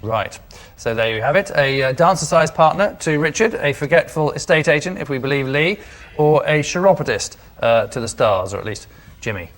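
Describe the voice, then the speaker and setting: A man hosting a studio panel show, delivering scripted lines in a dry, deadpan way. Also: a little high, normal speed. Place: TV studio with live audience. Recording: studio audience laughter and noise.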